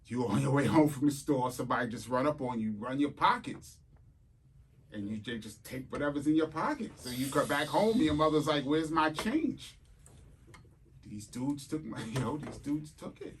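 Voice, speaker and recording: Animated New man telling stories. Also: medium pitch, a little fast, slight background noise. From New York City. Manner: animated, acts out quotes and voices in his stories. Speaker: guest. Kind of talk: casual interview storytelling.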